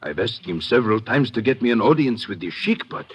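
A man's voice: medium pitch, very animated, a little hiss or hum, natural voice. An actor playing a cautious, formal local contact man in a 1940s radio drama. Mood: guarded. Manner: formal, measured and careful.

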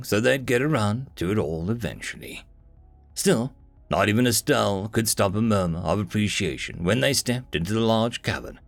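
A man narrating a fantasy novel as an audiobook, in an expressive storytelling reading. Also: fairly low pitch.

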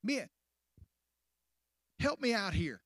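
A man preaching a sermon, asking the congregation questions, rushing ahead at times and then slowing and dropping to hushed endings. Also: high-pitched, animated, no echo, clean studio sound. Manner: preaching with sudden rushes and drawn-out, hushed endings. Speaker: pastor.

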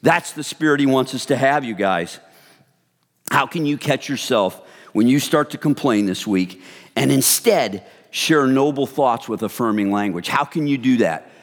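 Guy preaching a sermon, mid pitch, lively, big hall echo on it. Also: normal speed. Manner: animated preaching, acts out gossip in hushed voices. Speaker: pastor.

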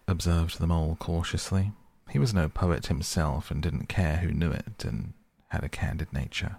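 Deep, gravelly male storybook narrator. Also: moderate pace, darkish tone, dry recording.

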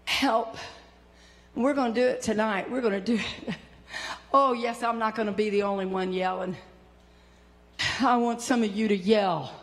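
A woman preaching a fiery sermon, shouting at peaks and dropping low between them. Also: steady tone, moderate pace, long pauses. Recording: long hall reverb.

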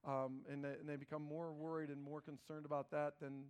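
A middle-aged male pastor preaching a sermon in a conversational, animated way, often repeating words as he starts phrases. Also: a little high, a little fast, clear, resonant tone.

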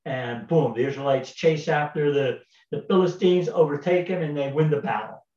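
A man's voice: on the high side, moderate pace, mellow. Folksy man retelling Bible stories in an echoey room. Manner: folksy, repeats words, many fillers. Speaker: Bible teacher. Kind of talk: casual Bible storytelling. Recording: roomy, distant, dull sound.

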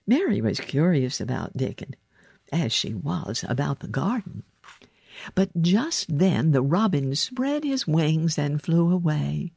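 A woman narrating a children's story aloud in a slow, expressive storytelling manner. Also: low-pitched, vocal fry, breathy edge, no echo.

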